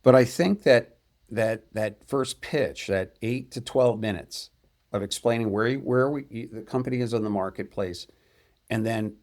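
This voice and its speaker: A man with a lowish, slightly slow, somewhat mellow voice hosts a podcast. He talks casually in a conversational interview, thoughtfully working through his ideas and explaining them step by step.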